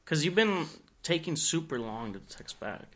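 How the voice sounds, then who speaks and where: A young man co-hosting a podcast, talking casually in a crude, animated, mock-accusing way. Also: on the high side, moderate pace. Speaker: podcast co-host. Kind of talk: casual chat.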